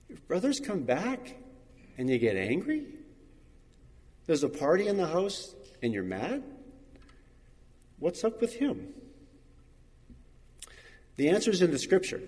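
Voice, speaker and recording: A man's voice: a little high, a little mellow, long reverb tail. A man preaching a sermon, reading scripture aloud and acting out the voices he quotes. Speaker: pastor.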